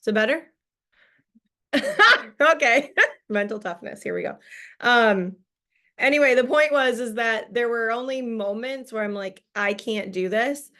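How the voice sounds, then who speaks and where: A woman's voice: on the high side, moderate pace, sharp tone. A woman leading a business training over a video call, giving a casual, upbeat motivational talk full of fillers and laughs. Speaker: team leader presenting a business training call.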